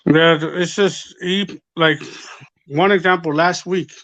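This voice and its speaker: A man's voice: fairly high pitch, fairly even intonation, a little slow, a bit bright, dry recording, dull audio. A man in casual podcast chat, rambling and swearing as he retells what others said. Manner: rambling, profane, retells quotes. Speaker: podcast guest.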